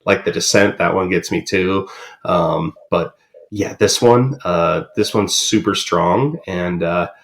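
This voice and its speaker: A man's voice: deep voice, slow, vocal fry. A man co-hosting a podcast in casual chat, rambling with many ums and uhs. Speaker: podcast co-host.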